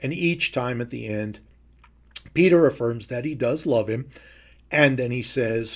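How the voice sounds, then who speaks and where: Measured, emphatic male preacher. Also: mid-range voice. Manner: measured, emphatic, with slow stressed phrases. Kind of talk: Bible teaching.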